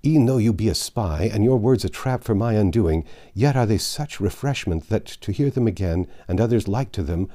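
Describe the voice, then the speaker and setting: Brief: male reader doing a poor, fearful peasant man, low and mellow, hesitant then earnest. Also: animated, moderate pace, hardly any pauses, lightly acted.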